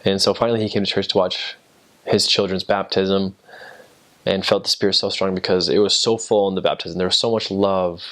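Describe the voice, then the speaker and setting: A man's voice: low voice, flat delivery, brisk, fairly bright tone. Young American man telling mission stories. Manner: rambling, many fillers and restarts. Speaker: returned missionary. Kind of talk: casual storytelling.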